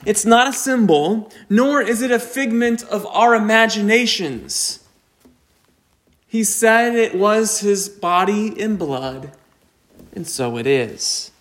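Slow, deliberate male preacher. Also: high-pitched, expressive, fairly bright tone. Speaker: pastor. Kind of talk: sermon.

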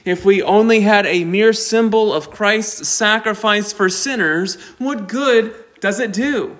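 A man preaching a sermon, slow and deliberate, with emphatic rises on key points. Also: sits high, a bit bright. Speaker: pastor.

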